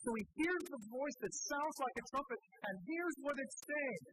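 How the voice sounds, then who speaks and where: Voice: high-pitched, animated, normal speed, a bit bright, rough recording. A pastor teaching Bible verses in a conversational way, asking listeners rhetorical questions and correcting himself mid-phrase. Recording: clear background hiss.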